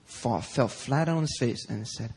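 A male pastor preaching a sermon in a church, telling stories in an animated, conversational way. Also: mid-range voice, unhurried, husky. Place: church sanctuary.

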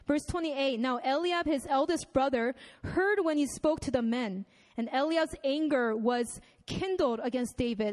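High-voiced young woman preaching casually. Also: darkish tone. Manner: conversational, many fillers and asides; reads scripture aloud. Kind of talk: sermon.

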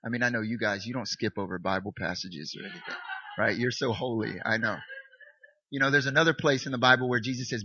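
A man's voice: mid-range voice, fast talker, pushed and bright, slightly rough. A male pastor preaching a sermon in a candid, self-mocking, conversational way, heard in a dull, dry recording.

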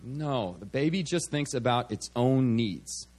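A man's voice: medium pitch, lively intonation, unhurried, darkish tone. A man preaching a sermon at a church service, speaking conversationally and often checking in with "okay" and "all right".

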